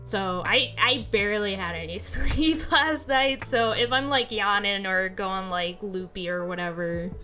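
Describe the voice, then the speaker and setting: A woman's voice: mid-range voice, unhurried, hardly any pauses, pushed and bright, faint music behind. A sleepy woman streamer chatting casually, rambling along and laughing often while she yawns. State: sleepy, yawning. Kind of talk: casual livestream chat.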